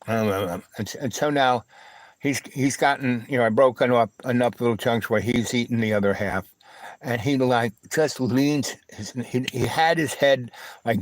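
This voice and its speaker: A man's voice: medium pitch, no echo, low-quality recording. Rambling man telling a long story. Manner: halting, with many fillers, restarts and "you know, right?" asides. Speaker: livestream host.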